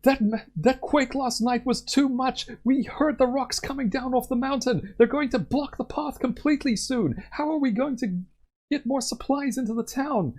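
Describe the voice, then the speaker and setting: A man doing high panicked villagers. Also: moderate pace. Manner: high pleading shouts. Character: panicked townsfolk, mixed crowd.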